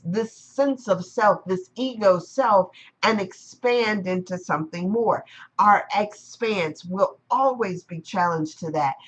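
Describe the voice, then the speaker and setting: A woman's voice: medium pitch, husky, rough recording. A woman giving a live-streamed spiritual talk in a reflective manner, repeating and rephrasing her ideas. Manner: reflective, repetitive phrasing. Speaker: spiritual teacher.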